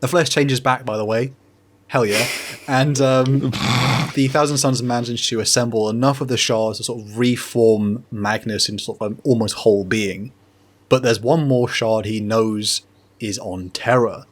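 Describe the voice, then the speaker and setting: A man on a podcast giving a joking, casual recap and playing each character in quick paraphrase, often laughing. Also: mid-range voice, fairly even intonation. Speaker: podcast host.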